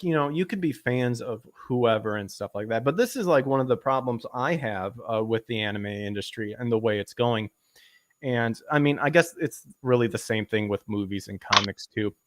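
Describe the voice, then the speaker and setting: A man in casual podcast chat, ranting and swearing, his pitch jumping up when he gets worked up. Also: fairly bright tone. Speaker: podcast host.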